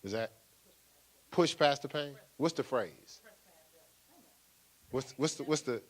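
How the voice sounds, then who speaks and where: An older man, a pastor, preaching a sermon in a lively, playful way with laughter and acted-out asides. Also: mid-range voice, slow.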